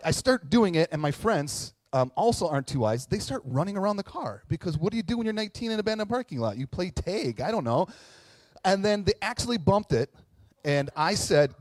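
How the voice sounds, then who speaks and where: A man's voice: on the high side, no room sound. A man in his thirties, a pastor telling a story in a sermon, joking and talking straight to the audience. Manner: animated, jokey, talks to the audience.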